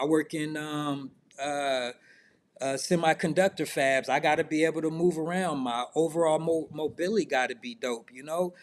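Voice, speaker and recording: A middle-aged man coaching in a loose, conversational way, firing off questions to the listener. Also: a little high. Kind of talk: casual self-improvement talk.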